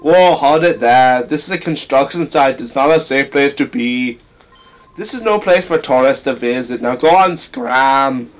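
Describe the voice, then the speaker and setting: A man's voice: mid-range voice, measured pace, pitched below the performer's own voice, natural voice. A man voicing a bossy male construction worker with a put-on Mexican accent, drawling and exaggerated, over faint game music. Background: faint video game music.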